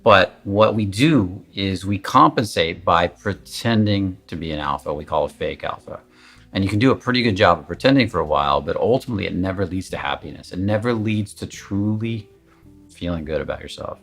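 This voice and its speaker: Deep, husky male coaching voice. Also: animated, brisk, fairly bright tone, faint music behind. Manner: candid, emphatic, conversational, swears at times. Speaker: confidence coach. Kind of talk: casual coaching talk to camera.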